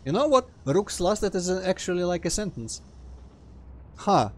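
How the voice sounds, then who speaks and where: A man's voice: high-pitched, big pitch swings, normal speed, a little hiss or hum. Rambling man with a Russian accent. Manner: rambling, self-interrupting, reacts loudly to the game. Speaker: let's play host. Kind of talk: casual gameplay commentary.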